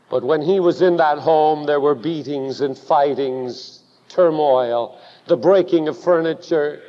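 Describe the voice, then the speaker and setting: A man preaching a sermon, telling a story dramatically and building to loud emphatic peaks. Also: fairly high pitch. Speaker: pastor. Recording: dull recording with long hall reverb.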